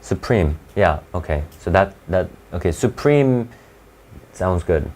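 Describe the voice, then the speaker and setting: A man teaching an SAT class live, talking in a halting, conversational way with frequent restarts and fillers. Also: sits low, lively intonation, darkish tone. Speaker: SAT tutor.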